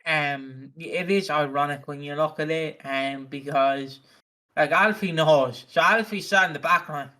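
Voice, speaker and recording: A man's voice: on the high side, unhurried, bright, forceful tone. A man from Britain co-hosting a podcast, joking casually with lots of hesitant ums while recapping a soap. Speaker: podcast co-host.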